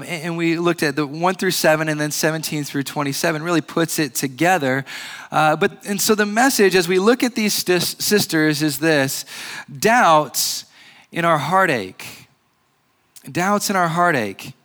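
Pastor, male, slightly high voice, earnest measured sermon delivery with frequent restarts. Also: fairly bright tone. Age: adult with a grandfather recently passed.

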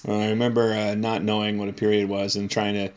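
A man's voice: fairly low pitch, monotone, fast. A male podcast host in casual chat, rambling and often restarting his sentences. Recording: slightly dull lo-fi.

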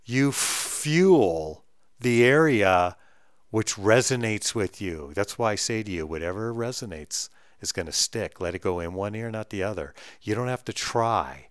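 A middle-aged man ranting bluntly and with profanity, swinging between loud outbursts and low mutters. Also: expressive, a little slow, clean tone, dry recording, clean studio sound. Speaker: vlogger ranting on camera. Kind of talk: heated monologue rant.

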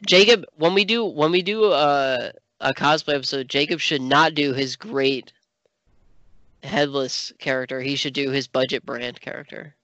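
A man co-hosting a podcast in casual chat, animated and peppered with "like", swearing when outraged. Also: medium pitch, moderate pace, no room sound, dull audio. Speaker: podcast co-host.

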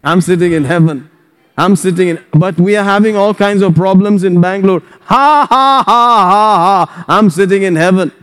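A man preaching a sermon as pastor, exuberant, breaking into loud laughter and whoops. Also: sits high, steady tone, a little fast, long reverb tail.

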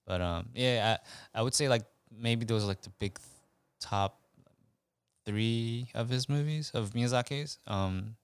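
A man's voice: medium pitch, a little slow, smooth, no echo. A man chatting casually on a podcast, loose and profane, with lots of "yeah" fillers. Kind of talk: casual chat.

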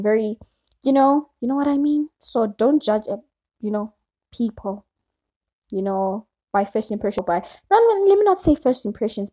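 A woman's voice: mid-range voice, warm tone. A young woman talking casually to her camera at home, rambling on with lots of fillers. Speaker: vlogger.

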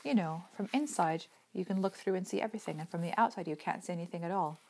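A woman reading a story aloud, voicing a calm, gentle teenage boy who explains things patiently. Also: on the low side, fast talker.

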